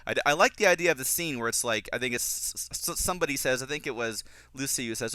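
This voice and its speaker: A man talks through a film in casual fan commentary, his voice bright and forceful with a smooth, crisp tone. He is strongly opinionated and flares into exasperated rants. The sound is dry and close. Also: medium pitch, lively intonation, fast talker, hardly any pauses, no echo.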